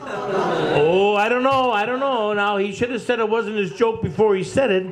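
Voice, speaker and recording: A man hosting and judging a comedy panel, teasing and lively. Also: high-pitched, normal speed, crowd noise. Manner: lively, teasing and scoring jokes. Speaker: panel host and judge. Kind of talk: casual comedy panel banter.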